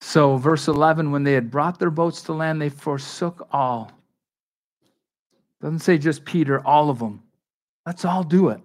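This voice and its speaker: A man's voice: fairly high pitch, measured pace. A man preaching a sermon as pastor, talking in a conversational but emphatic way, with restarts and asides to his congregation. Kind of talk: expository sermon.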